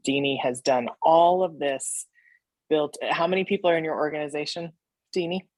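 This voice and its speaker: A woman's voice: low voice, fairly even intonation, moderate pace, darkish tone, dry recording. A woman co-host on a video call, giving encouraging, emphatic closing remarks. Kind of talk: casual motivational talk.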